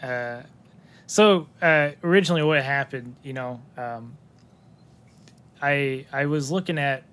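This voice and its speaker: A man's voice: mid-range voice, a little slow, long pauses, a bit bright, clear, resonant tone. Laid-back, swearing male podcast guest. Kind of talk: casual chat.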